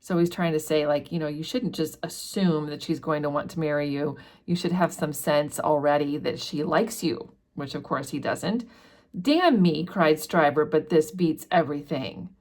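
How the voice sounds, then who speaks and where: A woman's voice: low-pitched, fairly even intonation, moderate pace, hardly any pauses, a little mellow. A woman hosting a casual book discussion, chatting her way through a chapter and paraphrasing it with plenty of fillers.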